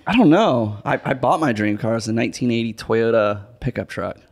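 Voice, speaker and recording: A man's voice: mid-range voice, brisk, gravelly, a little mellow. A man hosting a podcast, chatting casually and jokingly, often trailing off with "I don't know". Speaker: podcast host. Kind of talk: casual chat.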